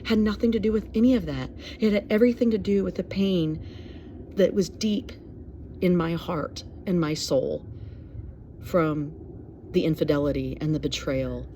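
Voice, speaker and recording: A woman's voice: on the low side, normal speed, dark tone, a little hiss or hum. A middle-aged woman sharing a personal story in an earnest, reflective way, with many fillers, as a mental health advocate.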